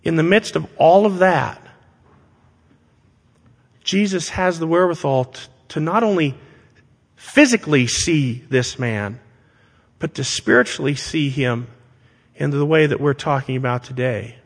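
A man preaching a sermon to his congregation, speaking deliberately and with emphasis and asking rhetorical questions. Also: fairly high pitch. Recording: long hall reverb.

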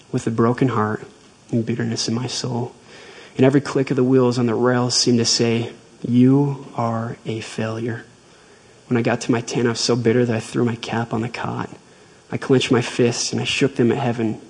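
Gravelly, husky-voiced man telling a story. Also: mid-range voice, a little mellow, poor audio. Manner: measured, earnest storytelling. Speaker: speaker retelling a faith story. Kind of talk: devotional talk with storytelling.

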